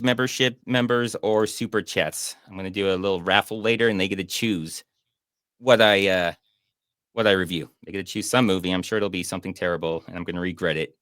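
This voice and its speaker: A man's voice: on the low side, sharp tone, clean tone, no room sound, clean studio sound. A man hosting a casual movie review show, making sarcastic, mocking comments about a film. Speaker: podcast host and movie reviewer.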